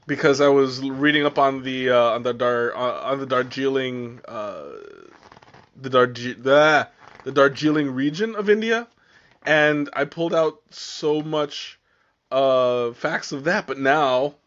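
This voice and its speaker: A man of ordinary pitch hosts a casual live tea tasting, stumbling through fillers and restarts as he searches for words. His voice comes through slightly muffled, with the dull, lo-fi sound of a home livestream. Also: slow, a bit bright. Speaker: livestream host.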